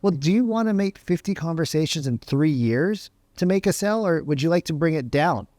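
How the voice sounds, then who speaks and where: A man coaching real estate agents on sales calls, energetic and conversational, often checking in with "right?". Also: a little high, a little fast, no echo, studio quality. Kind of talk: motivational sales teaching to camera.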